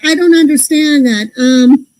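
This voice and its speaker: Woman, casual podcast co-host, high voice, mellow tone, puzzled ranting. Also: measured pace, poor audio. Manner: ranting, puzzled about everyday pet peeves. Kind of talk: casual chat.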